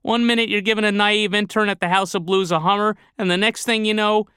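A man's voice: sits high, fairly even intonation, fast, clear, resonant tone, no room sound, clean studio sound, pitched above the performer's own voice. A man voicing a crude, weary, foul-mouthed woman with a Chicago accent. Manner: brash and profane, then soft and tired.

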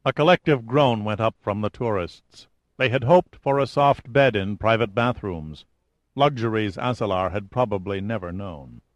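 A man reading an adventure novel aloud in scripted, measured audiobook narration. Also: fairly low pitch, lively intonation, dry recording, dull audio.

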